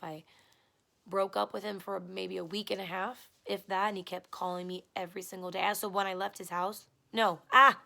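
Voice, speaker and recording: Gravelly low-voiced woman venting bluntly. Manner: heated, blunt and profane, retelling an abusive relationship; swings from low and muttered to loud and exasperated. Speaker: vlogger. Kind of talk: personal storytime vlog.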